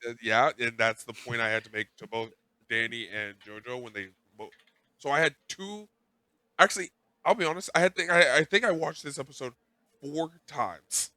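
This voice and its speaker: A man's voice: medium pitch, moderate pace, sharp tone, no echo. A man hosting a podcast, telling a rambling, self-mocking story in casual chat, swearing freely. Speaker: podcast host.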